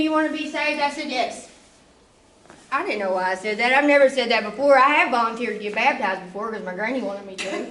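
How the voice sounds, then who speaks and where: A woman's voice: high-pitched, fairly bright tone, reverberant, far from the mic, a little hiss or hum, rough recording. A woman giving an emotional, conversational church testimony, often checking in with her listeners. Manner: emotional, conversational, often asks "you know?". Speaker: testimony speaker.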